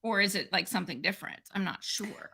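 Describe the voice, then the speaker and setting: A woman's voice: mid-range voice, quick pace, vocal fry, sharp tone, slightly rough. A woman co-hosting a podcast in casual chat, rambling and hedging as she thinks aloud. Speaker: podcast co-host.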